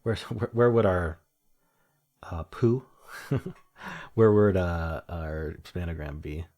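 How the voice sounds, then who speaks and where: A man's voice: low voice, steady tone, takes it slowly, a little mellow. A young man casually talking through word puzzles, musing aloud and chuckling at his own jokes. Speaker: puzzle game streamer. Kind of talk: casual solo commentary while solving puzzles.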